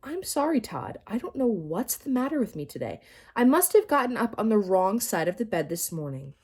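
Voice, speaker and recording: A woman voicing a temperamental female schoolteacher in a children's audiobook, high and sharp, swinging from snapping to sweetly apologetic. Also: sing-song, a little fast, slightly rough. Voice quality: high, sharp and shouty when angry.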